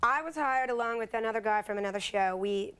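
A woman in her thirties with a light Southern accent, telling stories in a casual interview. She speaks in a fairly high voice and acts out the people she quotes. She laughs easily between lines. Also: quick pace, clean tone. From North Carolina. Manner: lively storyteller, laughs often, slips into quoted voices. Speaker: guest actress.

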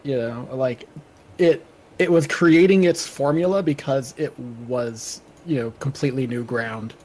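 A man's voice: medium pitch, a little slow, darkish tone. A man, a podcast co-host chatting casually and making dry, reflective remarks.

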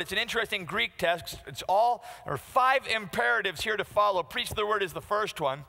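Emphatic preacher, high gravelly voice. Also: male voice, lively intonation, fairly quick, sharp tone, big-room sound. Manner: emphatic, conversational preaching with direct questions to the congregation. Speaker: pastor. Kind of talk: sermon.

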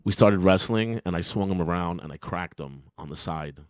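A man's voice: deep voice, moderate pace, no room sound, clean studio sound. Foul-mouthed wisecracking comedian man. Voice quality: profane, wisecracking delivery. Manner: acts out quoted lines in a jumped-up loud voice. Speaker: comedian podcast co-host. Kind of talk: casual comedic storytelling.

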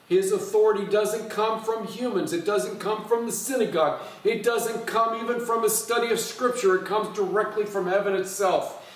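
A male pastor delivers a sermon in an emphatic, teaching manner, pausing on fillers and restarting phrases. His voice sits a little high for a man. He is heard from some distance in a strongly echoing church hall. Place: church sanctuary. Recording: echoey church hall from far off. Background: strong room echo.

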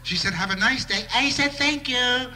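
A man's voice: high voice, a little fast, noisy background. A man doing a live stand-up routine with a wry observational delivery and bursts of mock outrage. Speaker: stand-up comedian.

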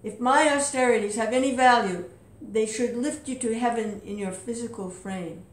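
A woman voicing a furious, powerful old male sage who proclaims loudly and with command. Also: mid-range voice, little pitch movement, unhurried, natural voice. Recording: roomy echo.

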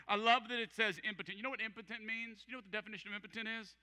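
A pastor delivering an emphatic sermon, repeating key phrases and acting out quoted voices. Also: male voice, high-pitched, steady tone, very fast, few pauses, sharp tone, smooth. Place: large church hall. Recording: church hall with long reverb.

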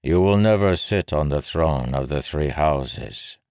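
A sly male king who needles and persuades without ever raising his voice, as a man puts him on. The voice sits very deep and moves unhurried. It sounds like a storybook reading in a dry, close space. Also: no room sound, exaggerated voice. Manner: smooth, needling, calmly persuasive. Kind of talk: audiobook character voice.

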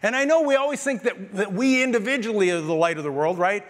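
High-voiced man preaching in a reverberant church. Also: fast. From Canada. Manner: animated, conversational preaching with jokes and asides to the congregation. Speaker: pastor. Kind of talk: sermon. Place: church sanctuary.

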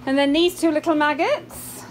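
A woman's voice: high-pitched, moderate pace, a little hiss or hum. A woman at a dog rescue, introducing new dogs in a casual walkaround video and cooing baby talk to them, recorded outdoors by the kennels on a phone. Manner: coos and baby-talks to the dogs.

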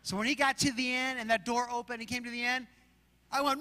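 Bright, high-voiced animated male pastor. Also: fast talker, long reverb tail. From Arizona, USA. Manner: animated storytelling, acts out shouts and roars. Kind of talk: sermon.

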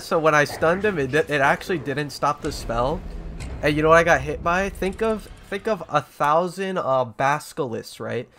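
A young man streaming a video game, giving excitable, slangy commentary and swearing often. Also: a little high, normal speed, a little hiss or hum. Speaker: gaming streamer. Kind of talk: gameplay commentary. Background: game music.

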